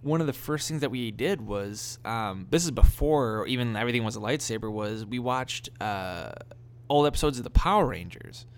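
A man co-hosting a loose conversation, his speech full of restarts and quick laughs. His pitch sits right in the middle of the male range. The talk is relaxed and unscripted. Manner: rambling, halting, laughs often. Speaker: podcast co-host. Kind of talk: casual chat. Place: living in the American South.

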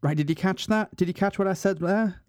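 A man's voice: high voice, fairly quick, a little mellow, slight background noise. A man presenting a radio show in a mock-serious, self-mocking monologue. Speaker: radio host.

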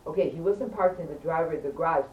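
A woman telling a casual story to friends in an animated, emphatic way, often checking in with her listeners. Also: deep voice, rapid-fire, highs cut off. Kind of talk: casual anecdote. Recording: roomy, distant, faint background hum.

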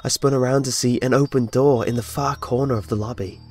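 A man narrates a first-person horror story in a tense, dramatic manner. His voice sits at an ordinary mid pitch, and soft music plays faintly underneath. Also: fairly even intonation, fairly quick.

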